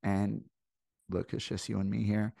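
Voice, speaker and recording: A man's voice: on the low side, level tone, unhurried, vocal fry, mellow, no room sound, clean studio sound. A man with a Midwestern American accent hosting a podcast over a video call, chatting casually and rambling with lots of fillers. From St. Louis, USA. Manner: rambling, digressive, many fillers. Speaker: podcast host.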